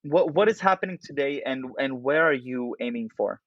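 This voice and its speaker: A man's voice: medium pitch, lively intonation. A man hosting an interview, feeling his way through his questions with repeated words and restarts. His audio is dull and slightly muffled, and the sound is dry, with no room echo. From outside the United States. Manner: halting, restarts phrases while framing questions. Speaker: podcast host.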